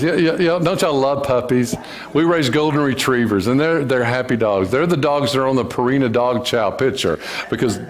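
A man preaching a sermon in a church, with a folksy, joking way of talking to the congregation. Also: medium pitch. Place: church sanctuary.

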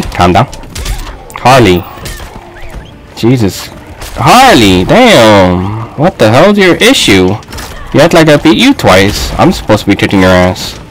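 Excitable man yelling over a fighting game. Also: medium pitch, rough recording. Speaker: gaming video host. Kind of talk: live gameplay commentary.

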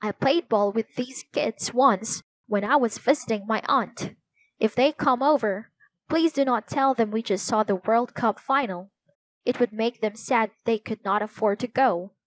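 A woman reading aloud voices a kind, gentle boy who guides his friends, in an earnest, eager manner. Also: fairly high pitch, measured pace, no echo, close to an everyday voice, rough recording.

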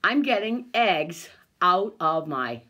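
A woman's voice: lowish voice, sing-song, slow pace, sharp tone. An older woman filming herself in an agitated, angry rant, swearing, stammering and breaking into bitter laughs. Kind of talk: angry self-filmed rant.

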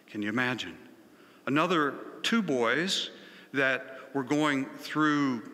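A man's voice: mid-range voice, bright, forceful tone, big-room sound. A senior pastor, a man, preaching a sermon with conversational, emphatic storytelling. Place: large church sanctuary.

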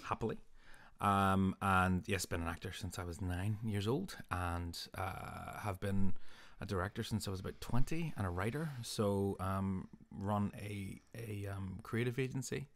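A man's voice: low-pitched, measured pace, a bit bright. A man in his thirties, a guest on a home podcast, chatting in a playful, jokey way. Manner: playful, jokey, theatrical asides. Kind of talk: casual chat.

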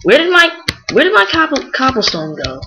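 A young woman giving excitable, frustrated Let's Play commentary while playing a game. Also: sits high, fairly quick, background noise. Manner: excitable, exclaims often, frustrated outbursts. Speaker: gamer.

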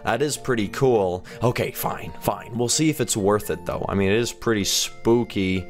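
A man giving a chatty, joking playthrough commentary of a video game, reacting quickly and with excitement to what he sees. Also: on the low side, faint music behind. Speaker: gaming commentator.

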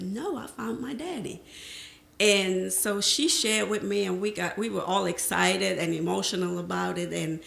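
A woman's voice: lowish voice, gravelly, roomy sound, a little hiss or hum. A middle-aged woman telling her life story to an audience as a panel speaker, acting out remembered conversations. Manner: lively storyteller who acts out remembered conversations. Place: presentation room.

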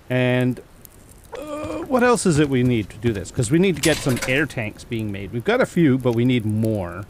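A man's voice: medium pitch, very animated, normal speed, a little hiss or hum. A man giving casual commentary over his survival game, thinking aloud, counting items and chuckling at his own mistakes. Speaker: gameplay commentator. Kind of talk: casual let's-play commentary.

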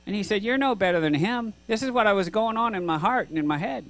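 A man's voice: high-pitched, expressive, fast, fairly bright tone, no room sound. A middle-aged male pastor giving an earnest, conversational sermon, asking rhetorical questions and acting out both sides of a dialogue. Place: church sanctuary.

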